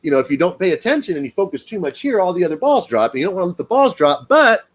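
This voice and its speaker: A male dog trainer chats live with his viewers, fired up and animated, with lots of fillers. His voice sits a little high and swings widely in pitch. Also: fast talker. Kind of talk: casual live-stream talk to viewers.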